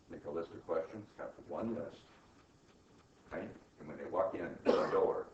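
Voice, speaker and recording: Brisk male teacher in an echoey classroom. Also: fairly low pitch, a little mellow, a little hiss or hum. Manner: brisk, coaching, fires rhetorical questions at students. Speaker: accounting instructor. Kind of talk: classroom lecture. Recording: echoey classroom, distant mic, dull and lo-fi.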